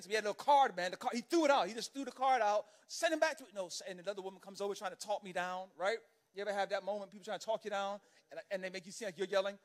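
A man preaching a sermon as an animated, conversational storyteller who keeps checking in with the congregation by asking "right?". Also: high-pitched, very fast. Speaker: pastor.

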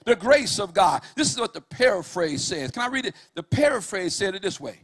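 A man preaching a fervent sermon in a church, swinging from loud calls to hushed storytelling. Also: high-pitched, big pitch swings, fairly quick, few pauses, slightly rough. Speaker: pastor.

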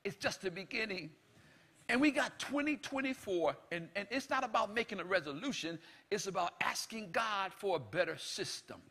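Male preacher, high bright husky voice, emphatic and shouting, repeats phrases, speaks God's lines in dialogue. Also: lively intonation, moderate pace. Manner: emphatic, repetitive, often shouting. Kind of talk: sermon.

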